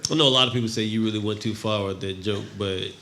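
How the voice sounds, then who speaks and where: A man doing a stand-up set on a comedy club stage, telling a long story in a deadpan way and acting out the other people in it. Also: lowish voice, fast talker. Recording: noisy live club recording.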